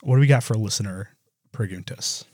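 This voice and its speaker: A man co-hosting a podcast in casual chat, playful and quick to laugh. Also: lowish voice, dark tone, dry recording. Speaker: podcast co-host.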